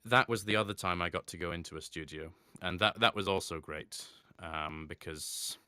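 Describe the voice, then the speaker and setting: A man from Scotland with a mostly English accent and soft Edinburgh traces, a voice actor chatting as a guest, rambling with fillers and restarts. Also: deep voice, normal speed, smooth, no echo, clean studio sound. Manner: chatty, many fillers and restarts, laughs easily. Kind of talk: casual answering of questions.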